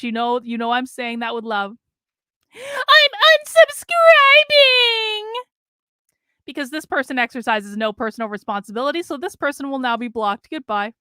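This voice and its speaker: Blunt, bright-voiced woman livestreamer. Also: on the high side, clean tone, no room sound, clean studio sound. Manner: blunt, conversational, many fillers. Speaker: livestream host. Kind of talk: livestream commentary reading chat.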